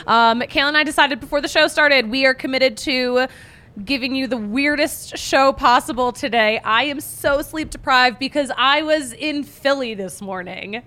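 A woman from the Philadelphia area with a Philly accent, hosting a casual sports podcast with a voice worn hoarse from screaming, chatty and quick to laugh at herself. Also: high voice, sharp tone. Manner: chatty, laughs often, self-mocking. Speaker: podcast host.

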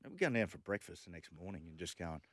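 A man co-hosting a radio show, telling animated stories and acting out what people said. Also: low voice, quick pace, no room sound. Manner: animated anecdotes with acted quotes. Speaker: radio co-host. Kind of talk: casual storytelling on radio.

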